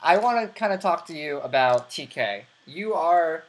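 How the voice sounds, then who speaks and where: A man's voice: fairly high pitch, expressive, normal speed, slight background noise. A man hosting an online show, chatting casually with a guest over a voice call. He laughs a lot and drifts into rambling asides. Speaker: host. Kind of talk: casual interview chat. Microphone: computer mic over a voice call.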